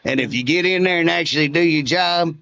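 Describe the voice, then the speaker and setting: A man's voice: on the high side, fairly quick, pushed and bright, lo-fi sound. A man, a state representative telling folksy stories in a casual interview and chuckling often.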